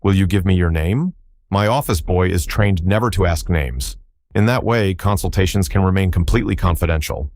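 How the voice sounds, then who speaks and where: Man playing a brisk young detective. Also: deep voice, a little mellow, no echo, studio quality. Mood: crisp. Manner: crisp, brisk, grandiose.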